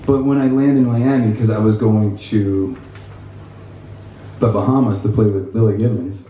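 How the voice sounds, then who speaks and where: A man giving a guitar clinic, telling animated stories to an audience with laughter and quoted voices. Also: on the low side, normal speed, a little hiss or hum. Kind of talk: casual storytelling to an audience. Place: music store clinic in front of an audience. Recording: echoey room, mic from a distance.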